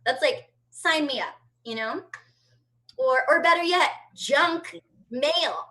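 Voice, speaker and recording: A woman's voice: high voice, takes it slowly, pushed and bright, rough recording. A woman in her thirties doing a brash, profane stand-up routine from home over a video call. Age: 30s. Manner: brash, profane, chatty storytelling. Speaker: stand-up comedian.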